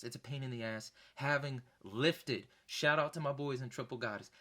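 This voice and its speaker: A young man telling a concert story in a loose, animated way, swearing now and then and acting out the voices of the people in it. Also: medium pitch. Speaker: vlogger. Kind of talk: casual storytelling.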